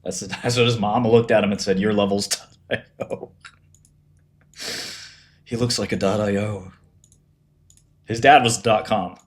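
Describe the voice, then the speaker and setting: A man's voice: on the low side, steady tone, normal speed. Blunt, profane man chatting casually. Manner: blunt and profane, laughs often, acts out quoted people. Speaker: streamer talking about business. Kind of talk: casual livestream chat.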